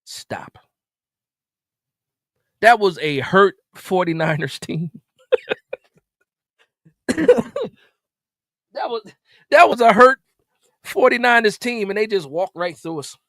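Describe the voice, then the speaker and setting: A man hosting a live stream, ranting in an exasperated way after a game, repeating himself and jumping suddenly louder. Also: sits high, animated, slow, long pauses, no echo, studio quality. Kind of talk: animated post-game rant.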